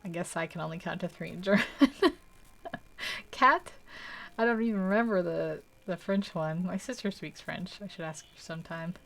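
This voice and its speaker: A young woman hosts a live art stream, chatting casually and rambling as she paints, laughing often and poking fun at herself. Her lowish voice is gravelly yet a bit bright, at normal speed.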